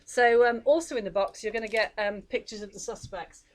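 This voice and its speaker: A woman's voice: a little high, steady tone, brisk, low-quality recording. Chatty woman co-hosting a live stream, talking through a game setup over faint background noise. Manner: chatty, explanatory, frequent fillers. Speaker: co-host demonstrating a mystery game. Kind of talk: casual live stream demonstration.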